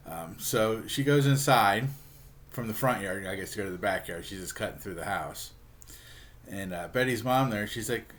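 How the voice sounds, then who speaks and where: A man's voice: on the low side, fairly quick, a bit bright. A man reviewing a book, casually retelling a comic story in a rambling way, with fillers and chuckles.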